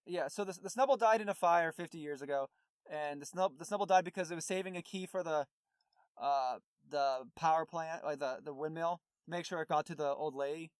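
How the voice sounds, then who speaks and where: High-voiced man rambling on a podcast. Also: fairly quick, smooth, no room sound, clean studio sound. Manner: rambling, lots of fillers and restarts. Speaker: podcast co-host. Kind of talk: casual podcast chat recapping a movie.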